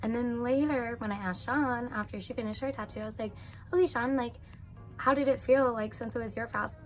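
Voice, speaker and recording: A woman's voice: a little high, steady tone, brisk, soft background music. A young woman vlogger chatting casually through a storytime, retelling a day out with lots of "like" fillers and quoted voices.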